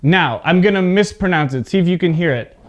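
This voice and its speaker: In this English pronunciation lesson, the male teacher speaks in a high, brisk voice. Patiently, he keeps asking "okay?" and overemphasizes the stress in the words he demonstrates.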